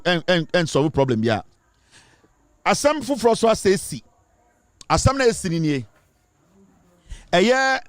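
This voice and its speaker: A man with a Ghanaian accent delivers forceful, lecturing commentary in a notably high voice. He hammers his points home and slips between English and Twi. The recording is dry and close, with no room sound. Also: no echo. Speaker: online commentator. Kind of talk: impassioned social commentary.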